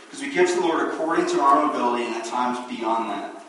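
A man preaching a sermon as pastor, animated and acting out the voices he quotes. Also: medium pitch, fast talker, slight background noise. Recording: very echoey room, distant mic.

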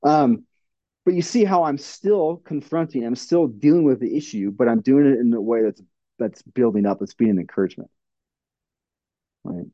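A middle-aged male pastor gives a plainspoken teaching talk, earnest and full of fillers and restarts. His voice is mellow and dark, recorded dry and a little dull. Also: mid-range voice, normal speed, no room sound. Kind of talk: sermon-style teaching with audience questions.

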